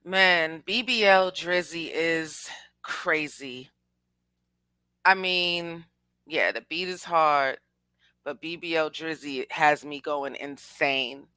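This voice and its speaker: A young woman hosting a casual music commentary show, talking in an animated, slangy way and addressing her chat. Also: deep voice, slow, clear, resonant tone, dry recording. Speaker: podcast host.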